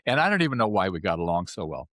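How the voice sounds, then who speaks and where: A man in his seventies, a podcast guest, telling his life story in a chatty, animated way and often checking in with "right?". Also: low-pitched, rapid-fire, no room sound, clean studio sound. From California. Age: 70s. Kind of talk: casual storytelling interview.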